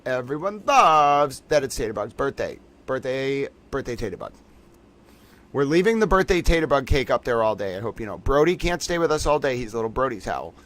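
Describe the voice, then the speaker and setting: A man hosting a casual live stream, playful and gushing, repeating himself as he talks to chat. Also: medium pitch. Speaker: livestream host.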